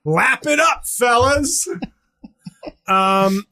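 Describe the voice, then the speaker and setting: A man's voice: very high voice, lively intonation, extremely slow, sharp tone. A middle-aged man hosting a podcast in casual comedic chat, acting out quotes with shifting voices. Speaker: podcast host.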